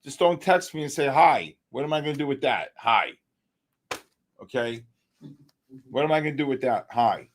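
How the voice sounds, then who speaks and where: A man's voice: a little high, fast, a little hiss or hum. A man from the Bronx, hosting a live trading stream in a brash, joking way. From the Bronx, New York. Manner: brash, joking, calls out viewers by name. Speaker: livestream trading host.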